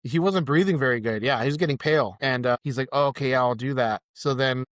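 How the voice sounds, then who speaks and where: A man's voice: mid-range voice, fast, dry recording, studio quality. A man, telling a rideshare story in casual chat and acting out the quotes. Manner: animated storyteller, acts out quotes. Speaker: podcast guest, rideshare driver.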